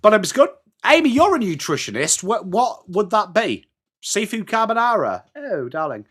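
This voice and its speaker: Here a middle-aged man from England, speaking with an English accent, hosts a football watchalong livestream in a high-pitched, very animated, slightly bright voice at a moderate pace. He's chatty, calling the play as it happens while reading messages from viewers and addressing them by name.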